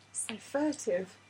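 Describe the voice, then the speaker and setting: A woman riffing through a film commentary, quick to giggle and to tease. Her pitch moves a lot and stays expressive. There is a faint hiss under her voice. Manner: giggly, teasing. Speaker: commentary co-host.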